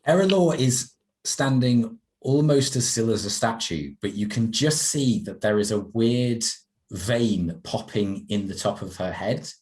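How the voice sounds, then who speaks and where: A man, working as a game master and narrating a tabletop role-play game in a measured, descriptive way. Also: on the low side, darkish tone.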